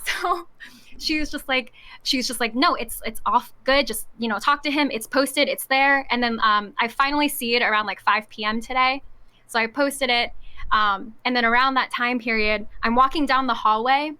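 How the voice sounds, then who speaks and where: A young woman telling a story on a podcast, animated and laughing often as she acts out what people said. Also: on the high side, moderate pace, smooth. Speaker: podcast guest. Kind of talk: casual storytelling chat.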